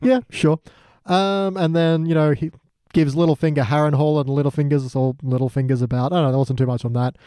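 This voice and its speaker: A man co-hosting a podcast, casually recapping scenes and slipping into quick character impressions. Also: on the high side, steady tone, mellow, no room sound, studio quality. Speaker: podcast co-host.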